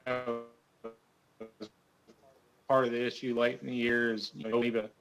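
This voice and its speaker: A young adult man, a tournament angler, answers questions as a guest in a casual interview, humble and steady with frequent restarts. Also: medium pitch, moderate pace, creaky, over music, rough recording.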